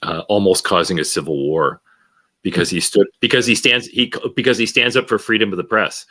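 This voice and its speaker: A man speaking in a measured, slightly halting way in casual chat. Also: fairly low pitch, sharp tone. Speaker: podcast co-host.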